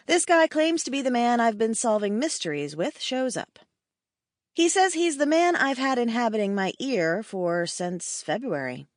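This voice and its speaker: A woman narrating a first-person audiobook in a wry, expressive storytelling manner. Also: medium pitch, dry recording, studio quality.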